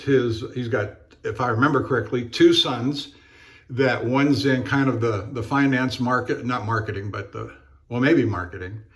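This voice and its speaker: A man talking casually while he shaves, in a halting, rambling way with many fillers and restarts. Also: medium pitch, fairly bright tone. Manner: rambling storyteller. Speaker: straight razor shaving vlogger. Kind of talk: casual talk while shaving.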